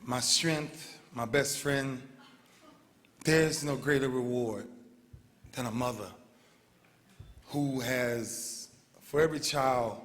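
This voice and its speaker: A man in his thirties giving an emotional, heartfelt banquet speech, repeating his phrases with earnest feeling. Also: mid-range voice. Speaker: award speaker. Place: large banquet hall. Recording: long hall reverb.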